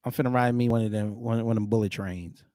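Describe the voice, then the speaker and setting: A man hosting casual reaction commentary, animated and exclamatory, with heavy slang and jokes. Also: on the low side, quick pace, no room sound, studio quality. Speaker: commentary host.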